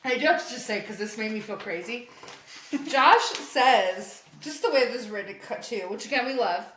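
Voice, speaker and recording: High-voiced woman, animated podcast recap. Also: moderate pace, reverberant, slight background noise. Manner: animated, swears freely, laughs often. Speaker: podcast co-host. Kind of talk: casual chat recapping comics.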